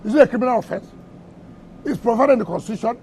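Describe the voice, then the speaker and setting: A middle-aged Nigerian government minister answers reporters at a press briefing, his voice extremely high-pitched, very fast and darkish, with slight background noise. He's combative, firing off one rhetorical question after another.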